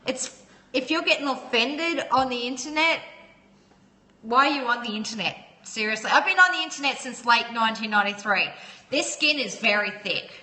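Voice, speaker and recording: Woman, livestream host, casual chat, high voice, long reverb. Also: expressive, normal speed, pushed and bright. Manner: chatty, laughs often, greets viewers by name. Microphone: phone.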